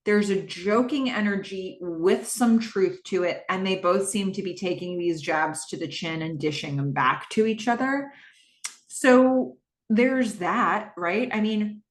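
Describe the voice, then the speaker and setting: A woman's voice: mid-range voice, reverberant. A woman hosting a podcast, casually recapping a TV episode, narrating scenes and reading out the dialogue. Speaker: podcast host.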